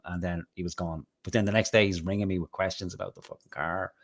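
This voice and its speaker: A man's voice: low-pitched, steady tone, fast talker, few pauses. An Irish man hosting a live show, telling rambling anecdotes with plenty of swearing. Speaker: host. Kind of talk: casual live-stream chat, storytelling.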